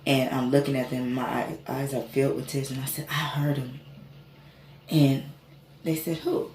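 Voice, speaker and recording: A woman's voice: rumbling low, flat delivery, normal speed, a little mellow. A woman vlogger casually telling an emotional spiritual story, swearing and rambling with many fillers. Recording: echoey room, faint ambient noise.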